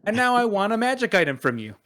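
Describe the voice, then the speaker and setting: Man playing a loud, vengeful brute demanding loot. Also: sits high, sing-song, fast talker, pitched above the performer's own voice. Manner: bullying, mock-friendly, emphatic.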